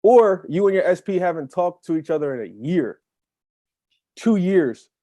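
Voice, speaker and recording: A man's voice: high voice, lively intonation, normal speed, mellow, no room sound. Emphatic man coaching, dry close sound. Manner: emphatic, repeats key phrases for effect. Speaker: co-host and manifestation coach. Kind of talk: casual podcast chat.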